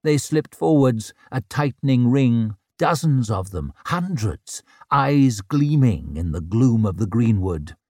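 Slow male storyteller, grave and measured, lively pitch, dry close sound. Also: no echo. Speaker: narrator. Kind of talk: dramatic fantasy audiobook narration.

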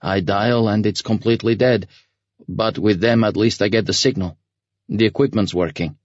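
A man's voice: on the low side, fairly even intonation, moderate pace, a little mellow, no echo, dull audio, voice pushed up, close to an everyday voice. A man doing a nervous young soldier. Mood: uneasy. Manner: hesitant, uncertain. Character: young male soldier on duty, nervous and cautious.

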